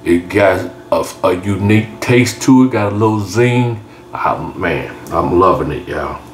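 A very deep-voiced man talks through a recipe in a relaxed drawl, tacking y'all onto most lines. He is recorded in an echoey kitchen with a faint hum of room noise behind him. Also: measured pace. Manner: laid-back, drawling, keeps saying y'all. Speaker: cooking channel host. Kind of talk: casual cooking tutorial narration. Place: home kitchen.

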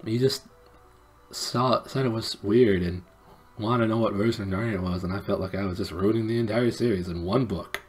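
A man's voice: on the low side, fairly quick, a little mellow, soft background music. A man reading a children's novel aloud on a live stream, with playful self-mocking asides. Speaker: storybook reader and live streamer.

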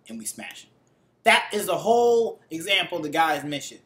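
A man's voice: a little high, very animated, normal speed, pushed and bright. A young man in a casual, rambling vlog rant, swearing freely and acting out other people's voices. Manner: profane, rambling, acts out quoted voices. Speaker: vlogger. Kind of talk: casual ranting monologue. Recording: echoey room.

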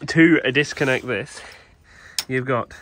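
A man hosting a workshop video, explaining each step in a relaxed, wry way as he works on a big engine. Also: mid-range voice, a little slow. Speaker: host mechanic. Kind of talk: casual hands-on workshop commentary. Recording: noisy workshop recording.

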